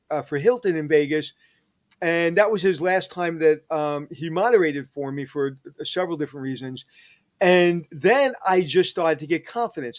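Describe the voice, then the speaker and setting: A middle-aged man, a hospitality executive, telling personal stories in an energetic, animated interview. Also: fairly high pitch. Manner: energetic, animated storyteller who digresses. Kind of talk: casual storytelling interview.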